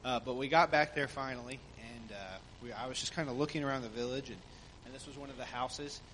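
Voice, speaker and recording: Male pastor, mid-pitched, relaxed report, hesitant pauses, faint room noise. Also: long reverb tail. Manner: relaxed, hesitant with many fillers. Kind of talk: church mission report.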